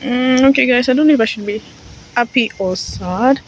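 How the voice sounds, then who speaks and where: Vlogging casually to camera on a busy street, a young adult woman chats, rambles, and laughs often. She has a fairly high pitch and speaks at a normal speed. The audio is poor, with loud outdoor traffic noise.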